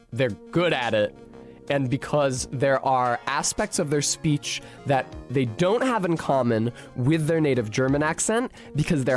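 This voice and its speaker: A streamer casually talking over a video game, in an animated, chatty and profane way. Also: male voice, medium pitch.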